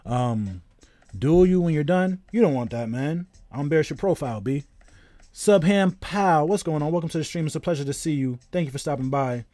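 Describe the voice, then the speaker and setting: A man's voice: a little high, animated, fairly quick, dark tone, no echo. A man around thirty, a game streamer in casual live-stream chat, telling a rambling story while greeting viewers.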